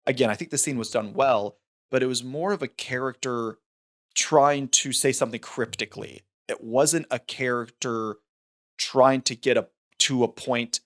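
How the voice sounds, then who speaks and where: A man's voice: medium pitch, moderate pace. A man co-hosting a movie podcast, talking things through in a thoughtful, rambling way with restarts. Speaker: podcast co-host. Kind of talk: casual film discussion.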